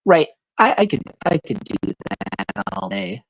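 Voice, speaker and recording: A man's voice: lowish voice, very animated, measured pace, fairly bright tone, breathy edge, dull audio. A man in casual chat on a live stream, rambling and tripping over his words. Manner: rambling, stumbles over words, slips into put-on voices. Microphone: home microphone on a live stream.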